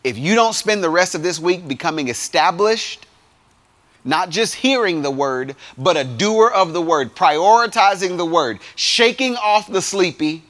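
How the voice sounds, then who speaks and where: Youth pastor guy preaching, kinda high voice, goes loud then quiet. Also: normal speed. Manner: lively preaching that swings from loud to quiet, with asides. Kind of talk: sermon.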